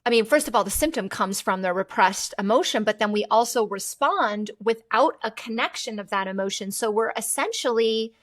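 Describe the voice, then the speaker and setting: A woman hosting a podcast interview, asking long questions and thinking aloud in an animated way. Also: fairly high pitch, normal speed, few pauses. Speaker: podcast host. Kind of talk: conversational interview.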